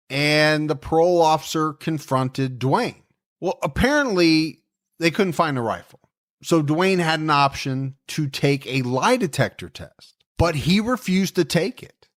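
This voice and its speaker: A man's voice: a little high, expressive, a little slow. A man co-hosting a true-crime podcast, telling the case in a casual, joking, conversational way. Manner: jokey, conversational storytelling with asides. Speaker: podcast co-host.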